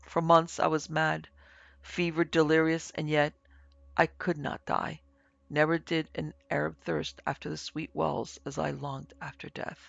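A man with a heavily gravelly voice narrates a dark tale in a solemn, measured way. He speaks a little high and rather flat, in a dry, dull lo-fi recording. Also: dry recording. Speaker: narrator and producer. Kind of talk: dramatic audiobook narration of a classic story.

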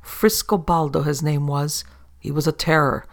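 Gravelly-voiced man telling a sea yarn. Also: a little high, normal speed. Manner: steady old-sailor yarn telling. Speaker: narrator. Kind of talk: storytelling read-aloud.

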